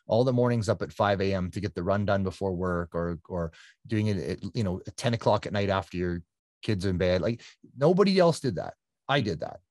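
Lively man, low and dry. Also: no room sound. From Canada. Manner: animated, energetic retelling with quick restarts. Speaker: guest, triathlete. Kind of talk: casual storytelling interview.

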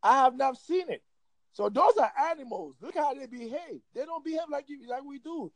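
A man's voice: extremely high pitch, animated, moderate pace, no room sound, low-quality recording. A man in casual chat, ranting in a heated, emphatic and profane way.

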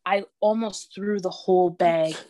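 A young woman from Canada in casual podcast chat, telling an animated story, cursing freely and laughing as she goes. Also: lowish voice, a little slow, dry recording.

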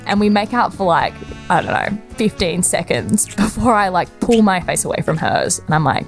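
A woman's voice: lowish voice, animated, normal speed, hardly any pauses, soft background music. Chatty young woman storyteller. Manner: conversational, chatty, laughs often, many fillers. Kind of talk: personal anecdote storytelling.

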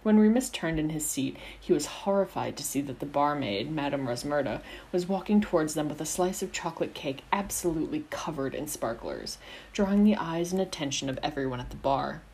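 Low-voiced woman narrating a story. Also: expressive, fairly quick, darkish tone, a little hiss or hum, rough recording. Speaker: narrator, audiobook reader. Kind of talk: fan fiction audiobook narration.

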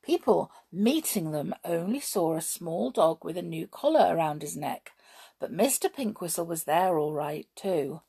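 Woman reading a children's story aloud, slow and animated, chatty asides. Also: fairly low pitch, husky.

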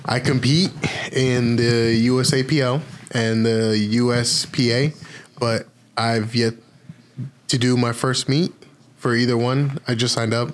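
A man's voice: mid-range voice, fairly even intonation, measured pace. Rambling young man co-hosting a podcast. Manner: rambling, hesitant with many fillers. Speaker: podcast co-host. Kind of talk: casual chat.

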